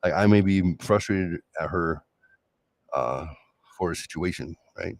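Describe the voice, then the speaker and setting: Man, middle-aged, very deep voice, sarcastic, reflective, stop-start delivery, dry sound. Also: no room sound. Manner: sarcastic, reflective, halting with restarts. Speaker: solo show host. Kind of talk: late-night personal monologue.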